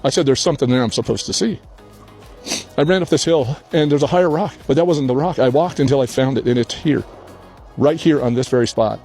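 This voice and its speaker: Older male vlogger, crying but earnest, mellow tone, faint music behind. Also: mid-range voice, fairly quick. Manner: earnest, tearful, heartfelt. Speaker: channel host. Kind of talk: emotional personal vlog. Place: outdoors on a hillside rock.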